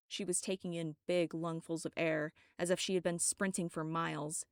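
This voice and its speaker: A woman reads her own dark story aloud in a steady, dramatic way. Her voice is low and gravelly with vocal fry. The recording is dry and close. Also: moderate pace, few pauses, no echo. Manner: steady, dramatic first-person reading. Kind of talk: audiobook narration.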